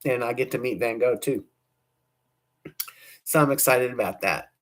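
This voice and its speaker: Hoarse, rambling woman livestream host. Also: a bass voice, moderate pace. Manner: rambling, chatty, trails off mid-thought. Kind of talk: casual livestream chat.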